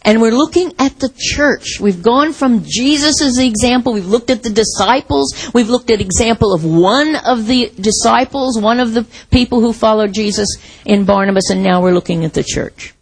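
A woman's voice: a little high, normal speed, few pauses, husky, rough recording. A woman preaching a sermon in a reflective, conversational way, asking the congregation rhetorical questions.

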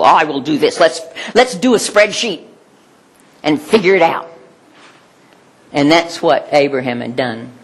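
Husky older woman preaching a sermon. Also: lowish voice. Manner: animated, laughing often, rhetorical questions. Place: church hall with congregation.

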